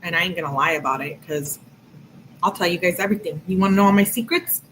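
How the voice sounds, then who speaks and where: A woman's voice: fairly low pitch, quick pace, fairly bright tone, slight background noise, poor audio. A woman giving casual true-crime commentary, talking bluntly and candidly to her viewers in slangy asides. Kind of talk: casual commentary reading text messages.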